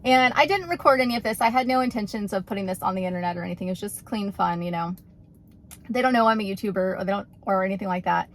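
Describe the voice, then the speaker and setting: A chatty woman vlogger recounts a story in a loose, rambling way, peppering her talk with fillers. Her voice sits at an ordinary middle pitch and she sounds amused throughout. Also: quick pace, slight background noise. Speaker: YouTuber. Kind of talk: casual storytelling vlog.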